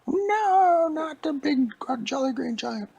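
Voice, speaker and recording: A man voicing a frightened old lady in a shrill squealing falsetto for a bedtime story. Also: animated, slow pace, vocal fry, a little mellow, no room sound, full character voice. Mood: frantic.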